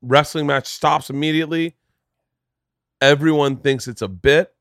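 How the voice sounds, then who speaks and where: A man's voice: on the high side, measured pace, dry recording, studio quality. A man hosting a podcast, telling stories in a casual, joking way, swearing freely and acting out voices. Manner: animated storyteller, swears freely, acts out voices. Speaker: podcast host. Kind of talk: casual comedic chat.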